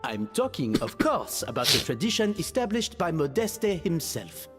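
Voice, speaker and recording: An actor with a French accent playing a courtly, polished restaurant owner in a video game, speaking in an elaborate, formal way. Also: male voice, a little high, sing-song, moderate pace, over music. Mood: gracious.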